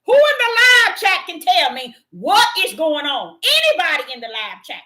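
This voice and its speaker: A woman in delivers a livestream sermon, her voice high and lively, jumping through a wide range. She reads scripture slowly, then erupts into sudden exclamations. The tone stays bright and sharp throughout. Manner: preaching with sudden bursts, exclaims and drawn-out scripture reading. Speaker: preacher teaching scripture on a livestream.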